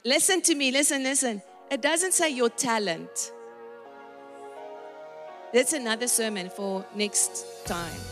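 Soft music plays beneath this woman's slightly high, somewhat bright voice, which carries the sound of a big room. Preaching a dramatic sermon slowly and with long pauses, she voices the people in the story and addresses the women listening head-on.

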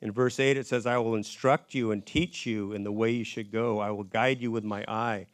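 A man giving a conversational Bible study in a church, in a casual and relaxed way with folksy asides. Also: fairly low pitch, moderate pace, dry recording, studio quality. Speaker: Bible teacher.

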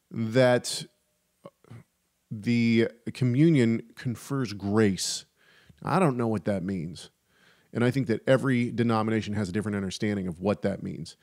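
A man's voice: lowish voice, creaky, a little mellow. A man co-hosting a podcast in casual theological chat. He rambles, restarts sentences and drops joking asides. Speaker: podcast co-host.

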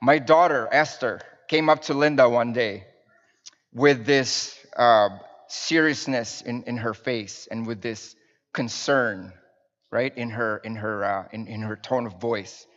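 A man in his thirties preaches to his congregation in a relaxed, chatty way. He weaves in stories at a mid pitch. His voice sounds a little dull and carries a long reverb around the church sanctuary. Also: slow pace. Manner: warm storytelling with fillers and restarts, addressing the congregation. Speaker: minister, preacher. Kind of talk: conversational sermon.

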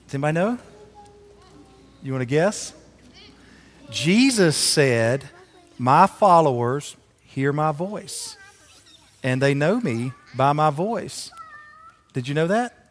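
A chatty pastor talks with children during a church service and keeps asking them questions. His voice sits somewhat high for a man. A long reverb from the sanctuary trails behind every word. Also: expressive, takes it slowly, pauses often. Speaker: pastor leading a children's moment. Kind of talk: children's sermon and prayer.

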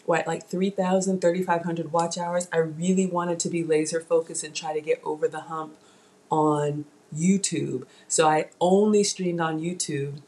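Young woman, born in Ghana, light Southern accent, lower voice, chatty live cooking host, tablet mic. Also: fairly even intonation, moderate pace, dark tone. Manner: chatty, talks straight to viewers. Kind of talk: live-streamed cooking chat.

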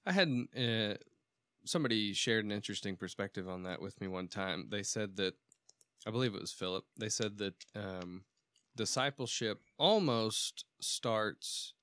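A man's voice: lowish voice, normal speed, fairly bright tone, clean tone, no echo, clean studio sound. A man co-hosting a faith podcast in casual chat, rambling a little and restarting his sentences as he explains. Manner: rambling, self-correcting, restarts often. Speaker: podcast co-host.

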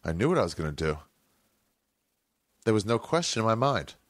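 A man's voice: on the low side, big pitch swings, fairly quick, dry recording, studio quality. A man hosting a podcast, telling a long rambling story in casual, profane talk, often correcting himself mid-sentence. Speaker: podcast host.

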